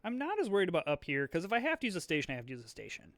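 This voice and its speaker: A man's voice: a little high, wildly swooping pitch, racing, a bit bright, dry recording. A young man hosting a board game video, rambling chattily through his moves, with lots of fillers and restarts. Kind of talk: casual thinking-aloud play commentary.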